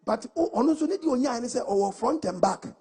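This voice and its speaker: A man from Ghana preaching a lively, joking sermon with call and response, acting out little scenes as he goes. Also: very high voice, brisk, husky.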